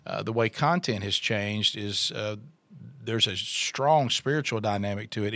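Middle-aged man, low voice, rambling with fillers, dry close mic. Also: bright, forceful tone, no echo. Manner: rambling, many restarts and fillers. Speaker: radio show co-host, interview guest. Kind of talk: casual interview storytelling.

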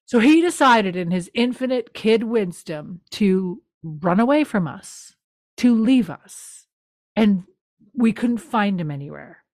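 Animated, salty-tongued woman podcast co-host. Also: mid-range voice, slow, dry recording. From New Brunswick, Canada. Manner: lively storyteller, swears freely, acts out characters. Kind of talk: casual TV recap chat.

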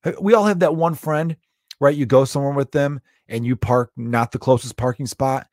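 A man's voice: medium pitch, fairly even intonation, normal speed, darkish tone, dry recording, clean studio sound. A man in his thirties hosting a podcast, rambling and joking in a casual monologue, swearing freely. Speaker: podcast host.

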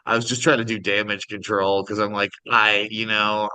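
A man's voice: fairly low pitch, flat delivery, moderate pace, sharp tone, smooth, no room sound, poor audio. A middle-aged man co-hosting a casual podcast over a video call, telling a story animatedly and acting out the voices in it. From Minnesota. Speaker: podcast co-host.

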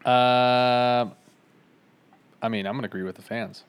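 A man's voice: mid-range voice, fairly even intonation, unhurried, clear, resonant tone. A young man co-hosting a podcast, talking in a laid-back, rambling, slangy way. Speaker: podcast co-host. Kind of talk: casual chat.

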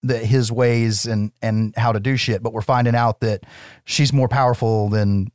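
A man from the United States co-hosting a casual film chat, animated, swearing and laughing often as he recaps the plot. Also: on the low side, normal speed, dry recording, clean studio sound. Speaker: podcast co-host.

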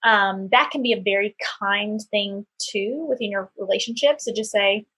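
A woman's voice: mid-range voice, moderate pace, sharp tone, slightly rough. A middle-aged woman hosting a podcast, chatting casually and telling personal anecdotes with lots of fillers. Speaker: podcast host. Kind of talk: casual conversational interview.

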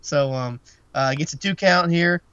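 A man's voice: on the high side, unhurried, a bit bright, clean tone, no echo, muffled recording. A man co-hosting a podcast, giving a casual, rambling play-by-play recap of a wrestling match and laughing often. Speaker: podcast co-host.

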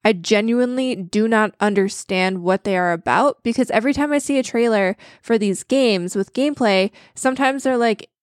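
A woman's voice: fairly high pitch, normal speed, few pauses, no echo, studio quality. Chatty woman podcast co-host. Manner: chatty, self-deprecating, candid. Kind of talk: casual chat.

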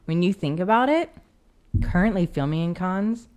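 Low-voiced woman in relaxed chat. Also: normal speed. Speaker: podcast co-host. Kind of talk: casual chat.

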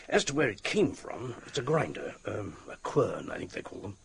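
An actor in a radio play voicing a gruff police captain who speaks in a brusque, matter-of-fact way. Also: male voice, fairly low pitch, very animated, normal speed, a little hiss or hum.

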